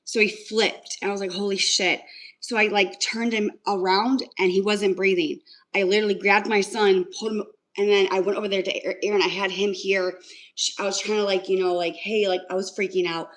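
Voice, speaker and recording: A woman's voice: mid-range voice, level tone, fairly quick, low-quality recording. A young woman talking casually on a livestream, telling a story in an emotional, rambling way with lots of fillers. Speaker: livestream host.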